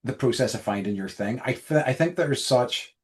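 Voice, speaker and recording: A man hosting a podcast in a mid-pitched voice. He talks in an easygoing, relaxed way. He is supportive and quick to encourage his co-host. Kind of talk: casual chat.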